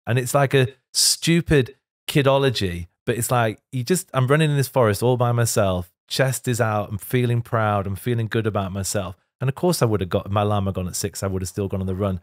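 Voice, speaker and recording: A man's voice: on the low side, brisk, no echo, clean studio sound. Candid, emotional middle-aged man. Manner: candid, laughs often, tearful at times. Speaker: podcast guest. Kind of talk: emotional casual chat. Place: podcast studio. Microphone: studio microphone.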